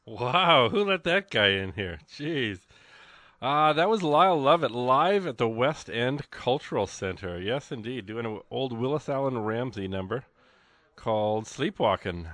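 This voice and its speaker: Excitable man hosting a radio fundraiser. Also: mid-range voice, a little slow, dry recording. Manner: excitable, rambling, jokey. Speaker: radio host. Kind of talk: live radio fundraiser chat. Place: radio studio. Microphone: studio microphone.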